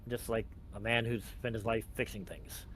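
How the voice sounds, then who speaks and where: A man's voice: on the low side, little pitch movement, normal speed, a bit bright, slight background noise. A man narrating a tabletop game as game master, casual and rambling. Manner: casual, rambling with many likes.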